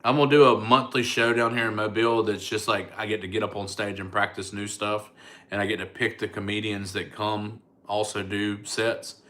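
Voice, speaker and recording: A man's voice: fairly low pitch, little pitch movement, moderate pace, bright, forceful tone. A middle-aged man, a comedian chatting casually on a livestream and answering viewers' comments. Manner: laid-back, chatty, thanks viewers by name.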